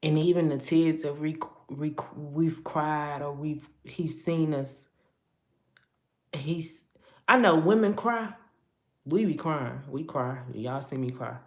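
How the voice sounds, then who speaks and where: A woman's voice: low voice, reverberant. A woman delivering a prophetic word in rhythmic, rhyming lines, speaking casually and laughing often.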